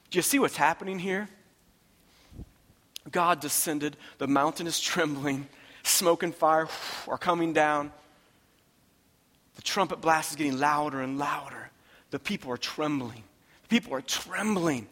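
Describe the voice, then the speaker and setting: Male pastor, fairly high voice, preaching with passion, hushed to loud, long hall reverb. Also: a little slow, pauses often. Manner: impassioned, swinging from hushed to loud. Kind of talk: sermon.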